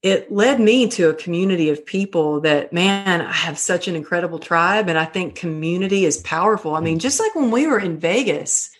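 A middle-aged woman talking about her life in an earnest, animated storytelling way as a podcast guest. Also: lowish voice, normal speed, few pauses. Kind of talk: casual conversation.

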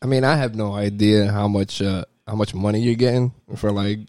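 A man's voice: on the low side, fairly even intonation, normal speed, darkish tone, dry recording. A young man from New York co-hosting a podcast, talking bluntly in slang and cursing freely. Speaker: podcast co-host. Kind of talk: casual podcast chat.

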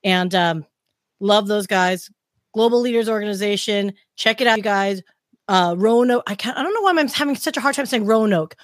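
A woman from Southern California hosting a podcast in an upbeat, chatty way, giving shout-outs. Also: mid-range voice, normal speed, no room sound, studio quality. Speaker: podcast host. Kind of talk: casual podcast chat.

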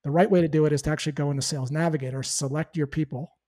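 A man giving a conversational sales coaching talk, animated and lively, acting out sample phone exchanges. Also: on the high side, very fast. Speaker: sales trainer.

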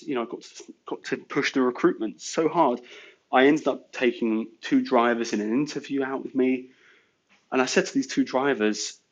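A man's voice: mid-range voice, lo-fi sound. A man telling business stories in a casual, rambling way, full of "you know". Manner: chatty, filler-heavy with lots of "you know". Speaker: guest business owner. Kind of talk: casual storytelling.

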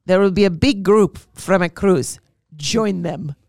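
A woman voicing a crude, lecherous male tour guide with a clumsy put-on accent, drawling slowly. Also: on the low side, a little mellow, no room sound, studio quality. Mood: crude, boastful.

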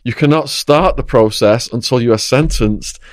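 A man's voice: medium pitch, normal speed, no echo, studio quality. Man telling his story plainly. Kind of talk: casual conversation.

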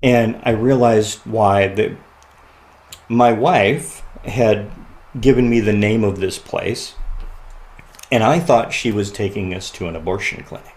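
A man sharing a personal story as a podcast guest, earnest and often quiet and halting, laughing at the lighter moments. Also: on the low side, low-quality recording.

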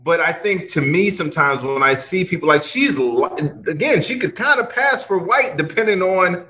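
A man co-hosting a casual podcast chat, a comedian who talks in an animated way, laughing and restarting his sentences. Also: high-pitched, moderate pace. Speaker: co-host.

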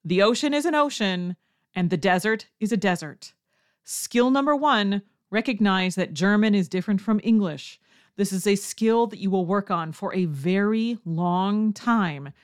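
A woman hosting a language-learning podcast, reading a scripted lesson and acting out learners' questions in a higher voice. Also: unhurried. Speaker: language teacher and podcast host.

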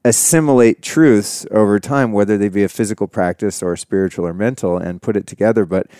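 A man's voice: lowish voice, brisk, warm tone, dry recording, studio quality. A man hosting a podcast, talking in a casual, rambling and upbeat way with lots of fillers. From California. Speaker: podcast host. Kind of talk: casual conversation.

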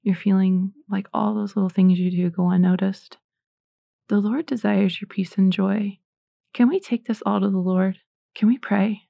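A middle-aged woman talks through her faith in a chatty, animated way, often poking fun at herself. Her voice is mellow and a little gravelly. The sound is dry and close, with no room echo. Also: mid-range voice, normal speed. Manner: chatty, animated, self-deprecating. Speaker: Christian podcaster. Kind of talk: casual faith talk.

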